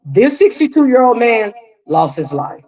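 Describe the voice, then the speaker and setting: A woman's voice: a little high, sing-song, unhurried, a little mellow, low-quality recording. A woman hosting live reaction commentary, emphatic and repetitive, speaking straight to her viewers. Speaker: commentary host.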